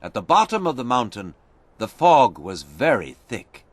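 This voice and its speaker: Brief: male storybook narrator, very animated pitch, dry close sound. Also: dry recording. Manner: slow, expressive reading. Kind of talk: storybook reading.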